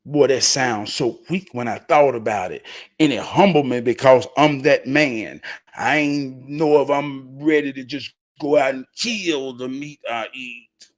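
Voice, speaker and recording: The host of a show recounts a story at a measured pace, his voice animated, dropping to low mutters and then rising into loud, excited shouts.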